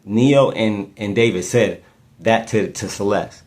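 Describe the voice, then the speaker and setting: A man's voice: lowish voice, takes it slowly, darkish tone. A man hosting a casual true-crime commentary podcast, thinking aloud and often repeating and restarting his words. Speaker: podcast host.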